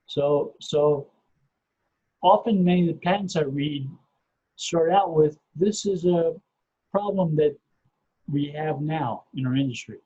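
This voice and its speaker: A middle-aged man speaks in a high, warm-toned voice with a husky edge. He explains things patiently, step by step, often repeating his first word. The podcast audio sounds dull and muffled. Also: a little slow, long pauses. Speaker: podcast guest, SEO researcher. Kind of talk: casual explanatory interview talk.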